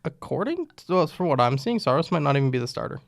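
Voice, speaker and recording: A man's voice: a little high, big pitch swings, fast talker, creaky, dry recording, clean studio sound. A young man hosting a casual sports podcast, with a voice that is giving out on him, talking loosely and jokingly with many restarts. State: losing his voice. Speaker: podcast host.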